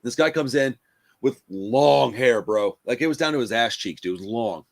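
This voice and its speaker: Guy on a podcast, swears a lot, says bro every other line, animated storyteller. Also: mid-range voice, normal speed, vocal fry. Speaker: podcast host. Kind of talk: casual storytelling chat.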